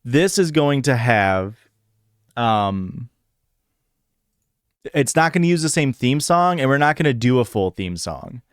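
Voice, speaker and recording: A man's voice: mid-range voice, very animated, a little slow, pauses often, clean tone, dry recording, studio quality. A man hosting a podcast in a casual livestream chat, rambling and hesitant, full of "like" and "um" fillers. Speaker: podcast host.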